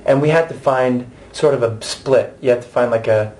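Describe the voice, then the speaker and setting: A man's voice: medium pitch, normal speed, a little mellow. An American man in his thirties, an actor giving a candid, chatty interview with many restarts and asides. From United States.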